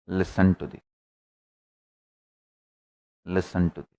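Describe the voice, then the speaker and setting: A man giving a spiritual discourse as a teacher, deliberate and repeating key phrases for emphasis. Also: low voice, flat delivery, mellow.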